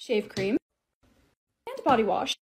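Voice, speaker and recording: A young woman vlogger narrating her home organizing projects in a chatty, excitable voice-over with quick asides. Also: fairly high pitch, heavy background noise. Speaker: lifestyle vlogger.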